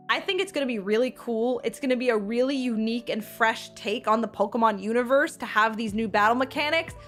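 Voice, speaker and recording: A young woman streamer casually telling a story to her chat, animated and laughing, full of quick restarts and acted-out quotes. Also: on the high side. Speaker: streamer recounting an event.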